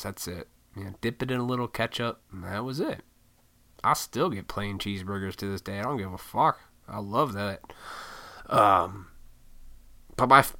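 Young man, profane casual rant, gravelly low voice with a bright, sharp edge. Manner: profane, blunt, ranting. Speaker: solo talker.

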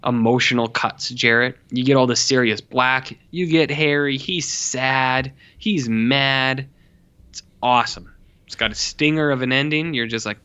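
A young man with a smooth, medium-pitched voice co-hosts a podcast, chatting about movies in a casual, animated way. He swears now and then and mimics characters with squeals. The lo-fi audio sounds slightly dull.

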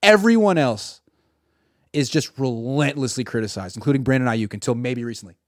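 A man giving solo sports reaction commentary, sarcastic and animated, acting out imagined quotes from the people he talks about. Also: medium pitch, fairly quick, no room sound, studio quality.

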